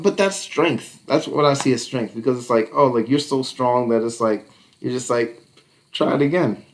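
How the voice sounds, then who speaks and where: A man talking on a podcast in a mid-pitched voice. He rambles casually with fillers and restarts, swears freely, and drops into quick impressions of the people he quotes. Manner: loose and profane, acting out quoted voices, trailing fillers. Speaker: podcast co-host.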